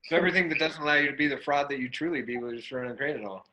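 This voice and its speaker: A man's voice: mid-range voice, rapid-fire, sharp tone, poor audio. A man facilitating a live workshop class in a room, loose and playful, breaking into whoops. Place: room with an audience.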